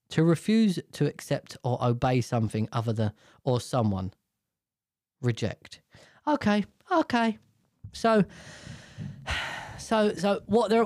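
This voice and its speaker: A man's voice: a little high, dark tone, dry recording, studio quality. A man reading news stories aloud, stumbling over hard words and ranting about them with lots of swearing. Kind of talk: casual reaction commentary.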